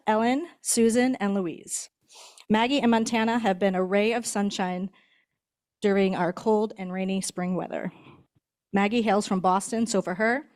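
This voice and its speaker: A woman's voice: mid-range voice, darkish tone. A woman who trains guide dogs, introducing graduates at a ceremony in a chatty way, laughing now and then. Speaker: guide dog instructor. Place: indoor ceremony hall.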